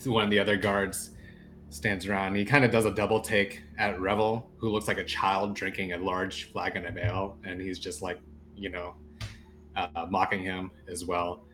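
Low-voiced man running a tabletop game. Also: little pitch movement, normal speed, a bit bright, soft background music. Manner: loose, laughing narration with many fillers. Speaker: game master.

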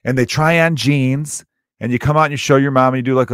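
A man's voice: medium pitch, fairly even intonation, fast talker, clean tone, no room sound, studio quality. A man in his thirties, a comedian hosting his own show, rambling profanely through a casual comic monologue and acting out little scenes. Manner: rambling, profane, acts out quoted voices. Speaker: comedian podcast host.

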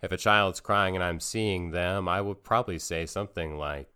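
A man's voice: deep voice, fairly even intonation, moderate pace, few pauses, pushed and bright, smooth. A man giving a thoughtful, reflective monologue about feelings and healing, building his points through repeated phrases. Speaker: speaker on parenting and emotional healing.

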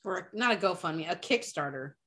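Bright, lively-voiced woman. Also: fairly low pitch, a little fast, a little hiss or hum. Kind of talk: casual movie-review chat.

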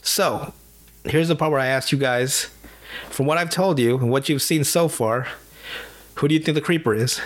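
A man hosting a podcast, retelling a cartoon plot in casual, profane chat full of quick impressions. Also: medium pitch. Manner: animated, profane storyteller with voices and laughs. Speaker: podcast host.

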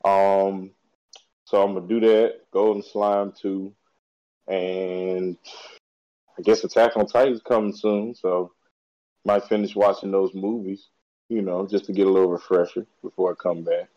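A man co-hosting a podcast, chatting casually about anime in a slangy, excitable, rambling way. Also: deep voice, a little slow. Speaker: podcast co-host. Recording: dull lo-fi recording.

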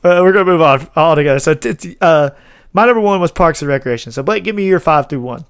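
A podcast host rambles and laughs while retelling scenes in a casual chat about a TV show. His voice sits on the high side with lively intonation, and he talks fast, with a clean tone and clean studio sound free of echo.

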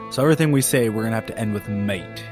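Low-voiced agreeable podcast co-host. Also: male voice, rapid-fire, music in the background. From Minnesota. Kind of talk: casual chat.

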